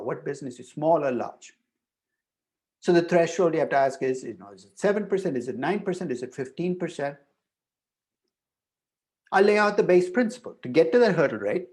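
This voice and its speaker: An older man lectures a university class in a slightly high voice. He talks in an animated, emphatic way, doubling back and restarting phrases as he works through his point. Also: normal speed, long pauses. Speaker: professor.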